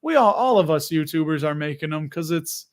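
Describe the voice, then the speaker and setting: An American man runs a live investing stream, chatting loosely and reading out viewer comments. His voice is fairly high-pitched, a little fast, with lively intonation.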